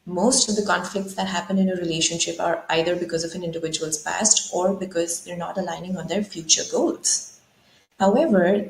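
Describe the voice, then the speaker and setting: A woman's voice: mid-range voice, slight background noise. A woman guest on a talk show, explaining ideas thoughtfully and posing rhetorical questions. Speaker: guest speaker. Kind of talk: conversational explanation. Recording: roomy echo.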